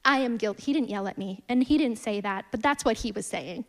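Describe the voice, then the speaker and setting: A woman in her thirties preaching a sermon, earnest and storytelling, swinging from emphatic lines to hushed ones. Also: a little high, a little fast.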